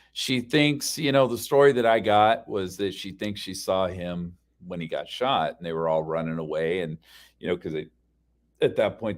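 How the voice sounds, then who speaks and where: A man with a fairly low voice tells a story as a casual rant. He talks in a heated, profane way, full of fillers and restarts. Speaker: podcast ranter.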